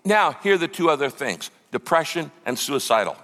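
A man delivering a sermon as pastor, his voice sitting a little high for a man. He speaks to the congregation in a lively, conversational way and acts out quoted lines. The sound carries the long reverb of a large hall. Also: brisk.

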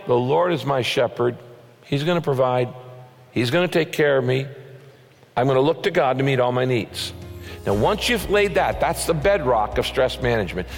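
Emphatic preaching pastor in a big hall. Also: male voice, expressive, normal speed. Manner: emphatic preaching, rising pitch on key points. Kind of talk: sermon. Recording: long hall reverb.

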